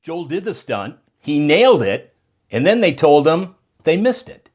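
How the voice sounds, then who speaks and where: A man's voice: fairly high pitch, very animated, measured pace, a little mellow, husky. A man narrating a documentary episode in a scripted style, building up each turn of the story.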